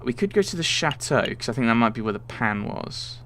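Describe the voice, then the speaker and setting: A man's voice: medium pitch, big pitch swings, a little fast, background noise. A man hosting a let's play, thinking aloud casually with rambling asides. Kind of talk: casual gameplay commentary.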